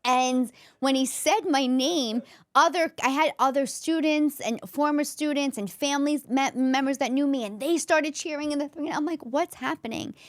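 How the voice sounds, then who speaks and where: A woman's voice: high voice, normal speed, no room sound, clean studio sound. A woman, a comedian and former school counselor, telling a personal story as a podcast guest in an earnest, emotional way, often restarting her sentences.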